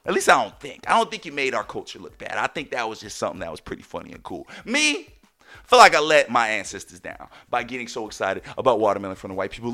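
A man hosting a podcast, telling stories in a casual monologue with loud, excited exclamations, and addressing listeners as "ladies and gentlemen". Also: sits high. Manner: animated storyteller, bursts into loud excited exclamations. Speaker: podcast host.

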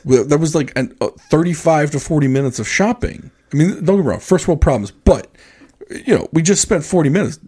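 A man on a podcast telling a rambling, animated story in casual chat. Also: fairly high pitch, brisk, breathy edge. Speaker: podcast co-host.

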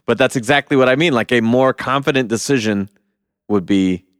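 A man's voice: medium pitch, brisk, smooth, dry recording, studio quality. A young man co-hosting a casual movie review podcast, ranting with lots of swearing and mocking the people he quotes. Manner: profane, heated ranting with mocking quoted voices. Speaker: podcast co-host.

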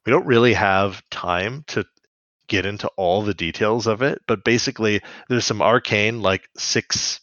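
A man's voice: on the low side, normal speed, a bit bright, no room sound, muffled recording. A man co-hosting a podcast, casually recapping a cartoon episode in a rambling way with lots of fillers and laughs. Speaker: podcast co-host.

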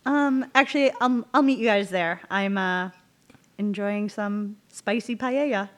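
A woman's voice: medium pitch, a little slow. A woman improvising a scene at a bar, easygoing and playfully teasing. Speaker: improv performer.

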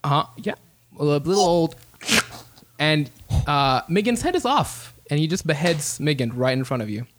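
A man's voice: on the high side, big pitch swings, normal speed, slight background noise. A man narrating as game master in a tabletop game, casual and rambling.

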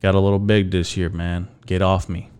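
A man's voice: low voice, level tone, moderate pace, a little mellow, smooth. A young man hosting his own podcast alone, rambling and joking casually, with lots of fillers and some swearing. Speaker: podcast host. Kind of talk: casual solo podcast chat.

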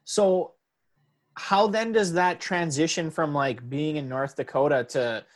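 A man's voice: fairly high pitch, steady tone, measured pace. A man hosting a podcast, asking a short question and reacting briefly in an interview. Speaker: podcast host.

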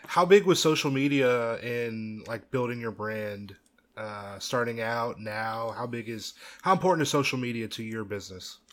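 A man's voice: medium pitch, normal speed, a bit bright. A man hosting a casual podcast interview, laughing easily and chiming in. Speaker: podcast host.

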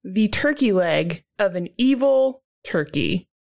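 A woman's voice: mid-range voice, lively intonation, takes it slowly, gravelly. A woman in casual chat about a movie she found badly written, talking loosely with lots of "like" and frequent laughter. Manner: chatty, laughing often, heavy use of "like". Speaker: podcast co-host reviewing a movie.

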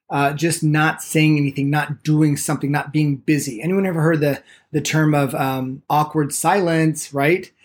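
Excited man teaching meditation. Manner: enthusiastic, speeds up when excited; lively pitch, acts out people's excuses. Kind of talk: podcast lesson on meditation.

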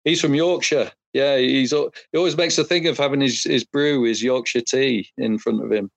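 A man calling into a podcast as a listener, reminiscing in casual chat with halting fillers. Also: medium pitch, fairly even intonation, gravelly, no echo.

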